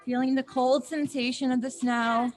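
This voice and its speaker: A young woman leading a yoga class for children outdoors in a snowy backyard, giving gentle instructions with playful asides. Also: high voice, level tone, normal speed. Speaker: yoga teacher.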